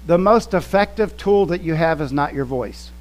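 A man preaching a sermon, teaching slowly and emphatically, quoting scripture and explaining original-language words. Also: fairly high pitch, expressive, rough recording. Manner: slow, emphatic teaching with quoted scripture and word studies. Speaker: pastor.

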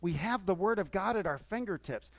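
A man's voice: high voice, expressive, brisk, no echo. A middle-aged male pastor preaching conversationally, with repeated surges of enthusiasm. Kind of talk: sermon.

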